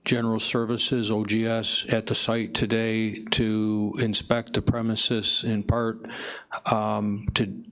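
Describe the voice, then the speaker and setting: A man giving an informal report to a county board, hesitant with many pauses and fillers. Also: lowish voice, little pitch movement, a bit bright. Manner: hesitant, many ums and uhs. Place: county meeting room.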